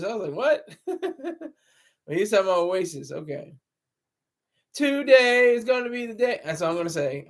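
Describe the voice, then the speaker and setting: A man with a high-pitched, fairly bright voice runs a casual livestream, captured on a laptop camera mic. He rambles along, laughs a lot, and reacts to his chat's messages.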